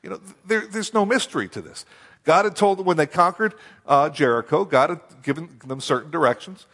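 A man preaching a sermon, telling a scripture story in a folksy, animated way with rhetorical questions. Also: on the high side, fairly quick. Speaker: pastor. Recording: long hall reverb.

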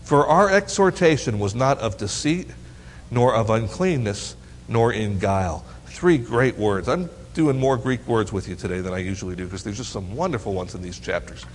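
A man's voice: lowish voice, moderate pace, a little hiss or hum. A man teaching a Bible lesson to teens, reading verses aloud and quizzing his listeners with playful questions. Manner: asks the audience questions, teasing and lively. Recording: long hall reverb.

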